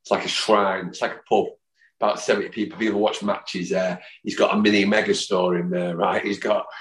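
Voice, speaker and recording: With little pitch movement and a brisk pace, a low, deep-voiced Manchester man in his fifties guests on a podcast, telling rambling anecdotes as a football fan. He voices the people in his tales, and the recording has a roomy, noticeable echo.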